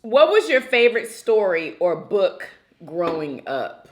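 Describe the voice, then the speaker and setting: A woman hosting a casual couples chat, expressive and teasing. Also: medium pitch, measured pace. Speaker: host.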